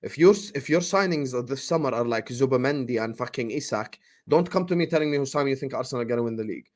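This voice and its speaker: A man co-hosting a football fan livestream, reading super chats with slangy, animated banter. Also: mid-range voice. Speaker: football show co-host.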